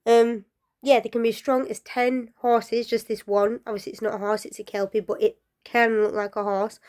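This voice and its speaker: Her voice a little high, this storyteller shares folk tales in a relaxed way, wandering off on asides and using fillers as she chats. Every so often her voice sinks to a soft near-whisper.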